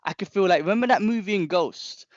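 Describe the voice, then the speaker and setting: A young man, a podcast co-host telling a long story in casual chat, animated and rambling, with frequent restarts and slang. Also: sits high, fast, no room sound, lo-fi sound.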